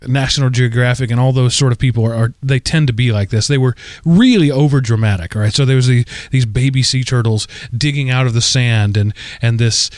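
A man in his forties, co-hosting a podcast, telling a rambling, animated story full of fillers. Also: mid-range voice, a little fast, few pauses, no echo, studio quality. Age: 40s. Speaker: podcast co-host. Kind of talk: casual chat.

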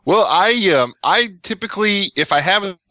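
A man's voice: high voice, expressive, normal speed, bright, forceful tone, no room sound. A man on a tech podcast panel who explains things step by step in a matter-of-fact way. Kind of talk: casual tech chat. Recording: dull lo-fi audio.

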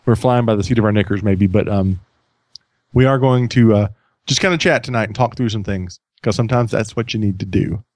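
A man's voice: fairly low pitch, fairly quick, darkish tone, dry recording. A man hosting a podcast in casual chat, rambling and self-deprecating, often restarting his sentences. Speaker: podcast host.

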